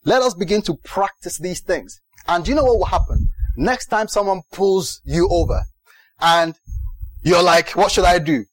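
A middle-aged man preaching from the pulpit in a lively, story-driven way, slipping into little acted-out voices as he goes. His voice sits a bit high for a man, and the sound is dry and close with little room echo. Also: moderate pace. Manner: animated, storytelling with acted-out quotes and laughter. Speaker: pastor. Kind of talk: sermon.

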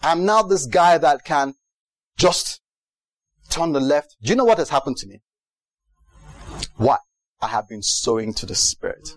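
A man's voice: on the high side, expressive, unhurried, long pauses, no room sound, poor audio. A middle-aged male pastor preaching a sermon, telling stories with acted-out quotes and bursts of laughter.

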